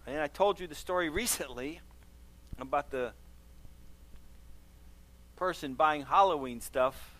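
A man's voice: a little high, measured pace, pauses often, a bit bright, a little hiss or hum. A man who is a pastor, preaching emphatically and leading a closing prayer, repeating phrases for stress.

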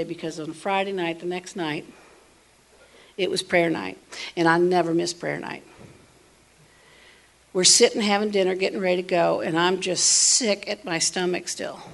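Animated woman telling a story. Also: on the low side, vocal fry. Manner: animated, swings between hushed asides and loud emphasis. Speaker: storyteller sharing a personal testimony. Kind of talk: casual spoken storytelling.

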